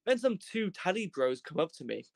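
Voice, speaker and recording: A young man from Wales telling a comedic travel story as a podcast guest, animated, in quick bursts, swearing and acting out voices. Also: sits high, creaky, dry recording. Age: young adult.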